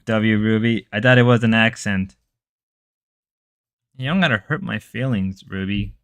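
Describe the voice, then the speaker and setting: Bright, jokey male streamer. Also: lowish voice, unhurried, smooth. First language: Spanish. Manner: rambling, jokey, slips into mock voices. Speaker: livestream host. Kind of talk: casual stream chat with viewers.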